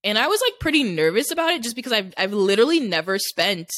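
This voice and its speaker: A woman's voice: mid-range voice, sing-song, quick pace, a bit bright, dry recording, clean studio sound. A young adult woman co-hosting a podcast, telling personal stories in a candid, rambling way, packed with "like" fillers. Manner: rambling, heavy use of "like" fillers. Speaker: podcast co-host. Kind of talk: casual chat.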